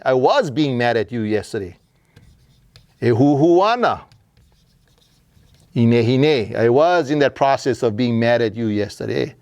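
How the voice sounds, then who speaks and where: A man's voice: mid-range voice, expressive, measured pace, long pauses, a little mellow, no room sound, studio quality. A man teaching a grammar lesson, explaining patiently and asking and answering his own questions. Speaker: Hawaiian language teacher.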